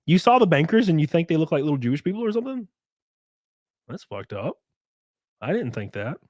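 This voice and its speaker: A man's voice: fairly high pitch, very animated, brisk, a little mellow, no echo. A man with a Southern US accent chatting casually on a live stream, reading chat aloud, swearing freely and laughing often.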